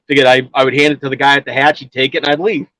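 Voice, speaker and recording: A man's voice: mid-range voice, steady tone, rapid-fire, bright, forceful tone, rough recording. A man telling a long personal story in casual chat, rambling with many restarts and filler words. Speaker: guest storyteller.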